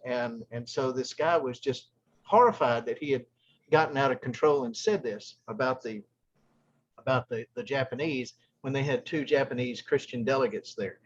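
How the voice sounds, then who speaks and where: A man leading a group discussion, telling a long story in a halting way, with many restarts. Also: medium pitch, dull audio.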